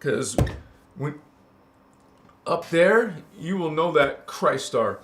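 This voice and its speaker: Man, spiritual livestream preacher, impassioned, casual, unhurried delivery. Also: fairly high pitch, animated, a bit bright, a little hiss or hum. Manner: impassioned, casual, calls listeners honey and you guys. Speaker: spiritual channel host.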